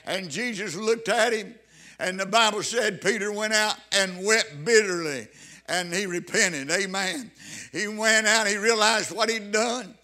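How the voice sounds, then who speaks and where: A man's voice: high-pitched, unhurried, sharp tone. A man preaching a fervent sermon, repeating phrases and calling out hallelujahs.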